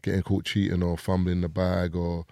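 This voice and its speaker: A young man with a London accent talks things through as a podcast guest, often repeating himself as he thinks. His voice is low and gravelly with a dark tone. The sound is dry and close. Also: flat delivery, moderate pace, no echo. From England. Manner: thoughtful, repeats himself, laid back. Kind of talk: casual chat.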